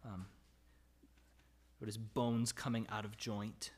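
This pastor's sermon comes in a flat, slow, slightly mellow and somewhat rough male voice. He reads psalm verses aloud, rising in pitch and volume to call out their anguished cries. Then he settles back into an easy, conversational tone, often checking in with "right?"

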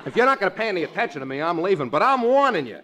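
A man's voice: sits high, sing-song, racing, bright, forceful tone, full character voice. A man playing a brash, slangy, wisecracking male pal and secretary in a 1940s radio sitcom. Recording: old radio broadcast with studio audience.

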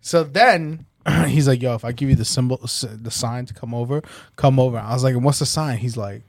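A young man, telling stories in a casual chat, animated and swearing a lot. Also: mid-range voice, fairly quick, creaky, no echo, clean studio sound. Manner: animated storytelling, heavy swearing. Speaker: podcast co-host.

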